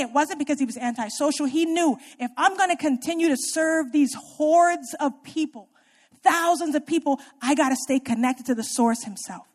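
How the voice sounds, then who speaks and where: A woman delivers a sermon in a high, bright-pitched voice. She talks straight to the congregation and keeps asking them questions. She shifts between loud, emphatic lines and soft, low ones. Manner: conversational, often asks the congregation questions. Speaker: preacher.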